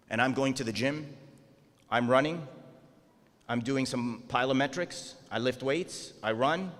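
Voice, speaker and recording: A man's voice: mid-range voice, a bit bright. A man delivering an earnest sermon, often asking his audience rhetorical questions. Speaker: preacher. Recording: long hall reverb.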